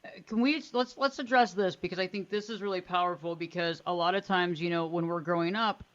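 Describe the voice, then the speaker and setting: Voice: mid-range voice, fairly quick, a bit bright, dull audio. A radio show host asking thoughtful, emphatic questions in a podcast interview.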